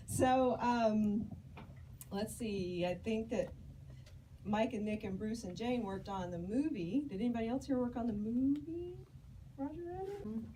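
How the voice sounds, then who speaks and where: A woman's voice: on the high side, slow, pauses often, mellow, slight background noise, rough recording. A woman moderating a panel, hesitant with many fillers. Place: panel talk before an audience.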